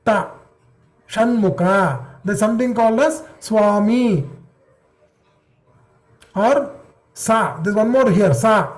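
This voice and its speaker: A man's voice: high-pitched, animated, takes it slowly, pauses often. A man teaching an online class. He repeats syllables patiently and checks that the students follow. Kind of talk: online class drilling pronunciation.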